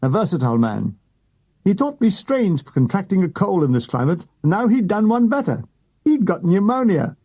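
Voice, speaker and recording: A man's voice: high-pitched, sing-song, normal speed, dark tone, husky, dull audio. A man reading a comic war memoir as an audiobook narrator, with dry comic timing.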